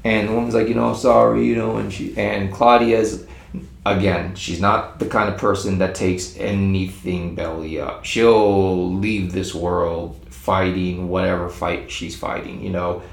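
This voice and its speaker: A man with a low, gravelly voice tells a secondhand story in a loose, rambling way. He trips over his words and restarts often as he goes. The recording has a roomy echo with faint ambience behind it. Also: a little slow. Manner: animated, rambling, frequent restarts.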